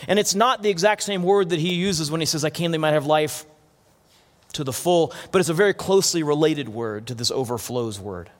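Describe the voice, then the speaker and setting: A man's voice: fairly high pitch, brisk. A man preaching a sermon as pastor, earnest, often restarting and repeating words. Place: church hall. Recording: long hall reverb.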